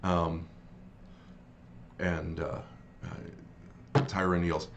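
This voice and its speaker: A man with a very low, deep voice narrates a tabletop adventure as game master. He talks in halting bursts, full of ums and restarts. A faint hiss of ambient noise sits under the recording. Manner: halting, many fillers and restarts.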